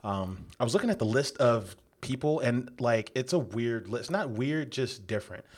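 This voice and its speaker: A man's voice: mid-range voice, lively intonation, normal speed. A man co-hosting a beer podcast, talking casually with lots of fillers and easy enthusiasm. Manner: chatty, filler-heavy, enthusiastic. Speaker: podcast co-host. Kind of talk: casual chat.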